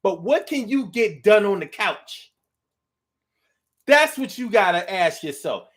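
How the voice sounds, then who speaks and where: A man talking slowly and loosely in a casual talk monologue, slightly higher than most men. He drawls and plays with his words, now and then slipping into a few lines of a song. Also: very animated, a bit bright. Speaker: host reading listener comments.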